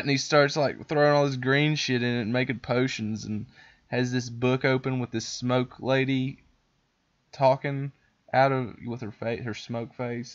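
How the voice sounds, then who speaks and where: A man hosting a podcast, telling a story in a rambling, profane, animated way. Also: medium pitch, moderate pace, highs cut off. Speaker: podcast host. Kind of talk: casual storytelling chat.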